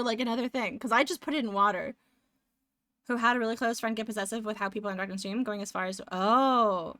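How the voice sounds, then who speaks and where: A woman's voice: on the high side, a little fast, fairly bright tone, no echo. A young woman streamer chatting casually with viewers in a rambling way, eating between sentences, close to a desk microphone. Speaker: live streamer.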